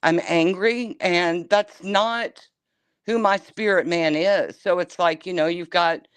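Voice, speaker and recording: A middle-aged woman phoning in to a show, speaking candidly and with feeling. Her voice is smooth and clear. The sound is dry and close. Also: lowish voice, slow, no echo. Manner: candid and emotional, openly personal. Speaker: caller. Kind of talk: casual call-in chat.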